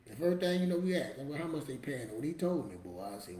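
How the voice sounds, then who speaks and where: A man's voice: mid-range voice, sing-song, brisk, mellow, roomy sound. A man giving a motivational talk to camera in a preachy, emphatic, street-casual storytelling manner. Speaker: motivational vlogger.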